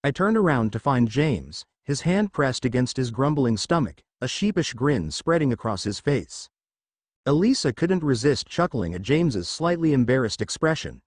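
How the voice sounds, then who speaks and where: A man narrating a fan fiction story aloud in a steady storytelling manner, close to the mic. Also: medium pitch, moderate pace, dry recording.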